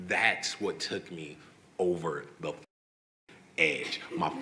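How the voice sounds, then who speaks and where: A young man, a guest artist, telling animated, swearing stories in a casual live question-and-answer session. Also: low voice, takes it slowly, pauses often, slight background noise. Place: event hall with audience.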